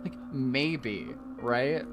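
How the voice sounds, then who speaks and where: A man's voice: mid-range voice, drawn-out words, music in the background. A man streaming a game, chatting casually, rambling, swearing freely and laughing at himself.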